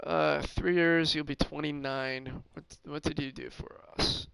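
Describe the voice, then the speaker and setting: A man's voice: a little high, steady tone, unhurried, vocal fry, a bit bright, clean tone, no echo, poor audio. A man streaming a hockey management game, thinking aloud in casual commentary with many fillers and restarts. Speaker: gaming streamer.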